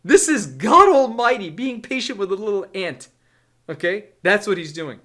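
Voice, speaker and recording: A man's voice: high-pitched, very animated, normal speed, fairly bright tone. A man reading scripture aloud and explaining it, talking in an emphatic way that keeps checking in with the listener. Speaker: Bible teacher. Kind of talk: Bible reading with commentary.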